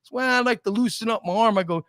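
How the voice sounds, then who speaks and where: Middle-aged guy hosting, storytelling, slightly high voice, dry close mic. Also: fast, no room sound. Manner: animated storyteller acting out quotes, laughs often. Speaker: podcast host. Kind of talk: casual chat, storytelling.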